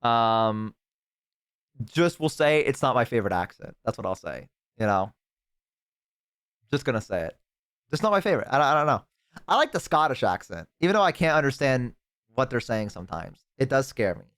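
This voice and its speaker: A man's voice: mid-range voice, very animated, moderate pace, pauses often, fairly bright tone, clean tone, dry recording, studio quality. A man streaming live, chatting casually to his viewers, rambling and swearing freely.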